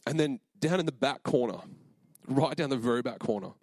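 A man's voice: mid-range voice, fairly quick, darkish tone, no room sound. A young man preaching a sermon, telling a personal story in a casual, earnest way with many fillers and moments of emotion.

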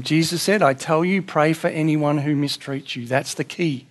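An earnest male pastor delivers a sermon in a conversational, down-to-earth way. His voice sits a little high for a man. He slips into short acted-out exchanges to make his points. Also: moderate pace, hardly any pauses.

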